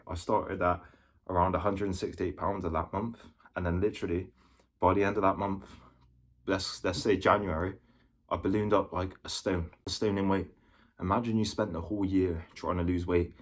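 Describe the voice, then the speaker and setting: A young man talks through his own story for a vlog in a low, deep voice. He is candid and loose, circling back over the same points and dropping the odd swear word. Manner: candid, repetitive, swears casually. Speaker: vlogger. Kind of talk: casual personal storytelling.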